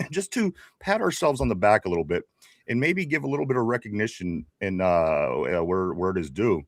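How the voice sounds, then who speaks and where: This is a man in his forties with a Pittsburgh accent, co-hosting a laid-back sports show. His voice sits a little low but moves a lot, and he circles back to the same greetings again and again. The sound is dry and close. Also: big pitch swings, normal speed, no room sound. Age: 40s. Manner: rambling, repeats greetings, laughs often. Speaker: podcast co-host. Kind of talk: casual sports talk show.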